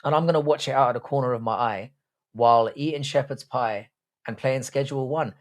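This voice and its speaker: A young guy running a live stream chats with his audience and reads their comments, his talk blunt, crude, and full of profanity. He has a mid-range voice and speaks fairly quickly.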